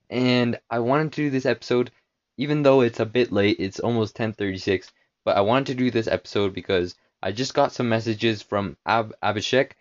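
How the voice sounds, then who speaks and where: Guy hosting his own podcast, kinda rambly with lots of uh, lowish voice, muffled recording. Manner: rambling, with frequent fillers and restarts. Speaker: podcast host. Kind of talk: casual solo podcast. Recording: dull lo-fi home recording.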